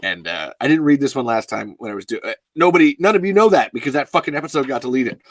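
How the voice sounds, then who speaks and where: A man hosting a podcast, chatting casually and excitably, rambling and laughing as he reads listener messages. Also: medium pitch, fast, slight background noise. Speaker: podcast host.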